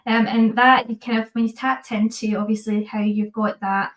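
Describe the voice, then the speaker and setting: A woman's voice: fairly high pitch, little pitch movement, normal speed, recorded from a distance, rough recording. A woman hosting an informal interview, asking long questions with many hesitations and fillers. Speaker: host of a grooming academy podcast.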